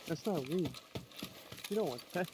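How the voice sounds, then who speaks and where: A young man casually chatting during a multiplayer game, laughing often and telling stories in an animated way. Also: on the high side. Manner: giggly, animated, quick to laugh. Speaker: gamer co-host. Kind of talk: casual gaming chat. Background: gunfire and game noise.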